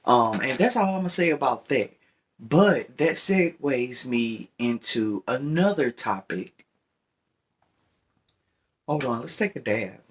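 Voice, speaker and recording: A man's voice: lively intonation, slow, long pauses, husky. A man talks in a casual vlog, rambling and often checking in with the listener. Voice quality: deep voice. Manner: rambling, repeats "you know what I'm saying". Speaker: vlogger. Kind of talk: casual opinion talk while smoking.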